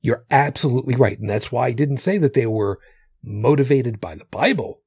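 Male podcast co-host, husky voice, dry close sound, profane rambling chat. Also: mid-range voice, moderate pace, darkish tone, no echo. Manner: rambling, profane, many restarts. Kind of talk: casual chat.

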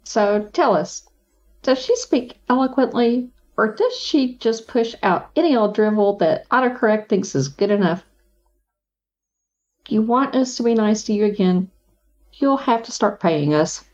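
A woman's voice: a little high, expressive, a little slow, darkish tone. A woman reading a scripted horoscope in a sarcastic, mock-sweet way. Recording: dull lo-fi sound.

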